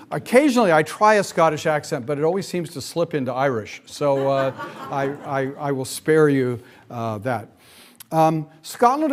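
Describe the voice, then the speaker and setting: Male lecturer, middle-aged, slightly high voice, halting delivery with fillers and wry asides. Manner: frequent fillers, dry asides. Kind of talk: classroom lecture.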